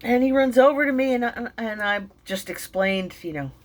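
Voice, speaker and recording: A middle-aged woman telling an emotional personal story, halting, with many fillers and restarts, and sounding tearful and shaken. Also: on the high side. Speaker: vlogger and mindfulness teacher.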